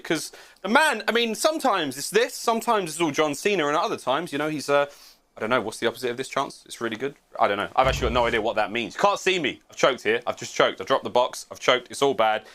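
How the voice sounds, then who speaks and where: A male esports caster doing live match commentary and playful sponsor reads. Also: mid-range voice. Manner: animated, playful, chatty. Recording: music bed underneath.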